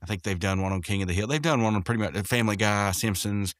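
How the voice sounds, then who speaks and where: A man's voice: fairly low pitch, quick pace, no echo, clean studio sound. A man hosting a podcast, casually recapping a cartoon episode, rambling with lots of fillers and restarts. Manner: rambling, full of fillers and restarts, quotes characters in raised voices.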